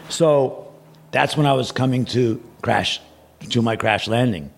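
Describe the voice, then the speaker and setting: A man's voice: mid-range voice, unhurried, vocal fry, slight background noise. A man guest on a podcast, telling a long personal story in a rambling, casual way, repeating words and acting out what others said.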